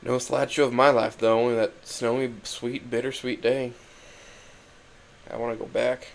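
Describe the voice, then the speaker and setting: A young man reading a first-person story aloud in a quiet, introspective, halting way. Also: medium pitch, level tone, creaky, poor audio. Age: young adult. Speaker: narrator.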